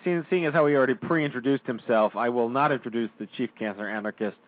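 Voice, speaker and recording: A man hosting a radio show, bantering and teasing his guests in a mid-pitched voice. The sound is tinny and phone-like. It is dry, with no room echo. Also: fast talker. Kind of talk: casual chat.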